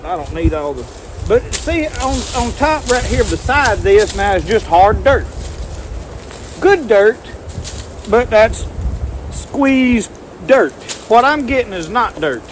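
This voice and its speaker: A man's voice: high voice, big pitch swings, slow, long pauses, slight background noise. A man, rambling folksy as he talks to the viewer through a camera mic outdoors in the woods. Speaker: outdoor vlogger. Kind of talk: casual outdoor demonstration. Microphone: handheld camera mic.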